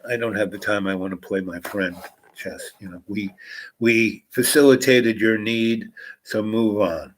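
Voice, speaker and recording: A man voicing a calm, unhurried male chess master who speaks softly and evenly. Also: on the low side, natural voice, low-quality recording.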